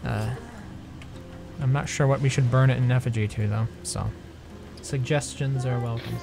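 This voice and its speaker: A man's voice: medium pitch, fairly even intonation, normal speed, gravelly. Laid-back man streaming a game over music. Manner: laid-back, wry about the lag. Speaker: streamer playing with friends. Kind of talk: casual gaming chat.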